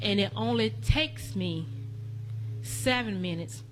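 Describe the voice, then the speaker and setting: A woman's voice: medium pitch, slow, soft background music. A woman preaching a testimony sermon as a church elder. She speaks to the congregation directly, repeating her lines in a rhythmic preaching cadence.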